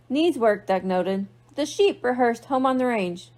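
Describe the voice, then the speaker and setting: A woman's voice: a little high, lively intonation, moderate pace, a little mellow. A young woman librarian reading a picture book aloud to children, playful and asking them questions. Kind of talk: storytime read-aloud for kids.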